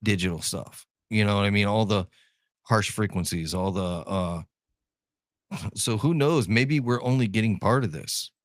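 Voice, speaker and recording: A man's voice: fairly low pitch, a little slow, dry recording, clean studio sound. A man from Ohio co-hosting a podcast in casual chat, joking, laughing often and repeating his words. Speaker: podcast co-host.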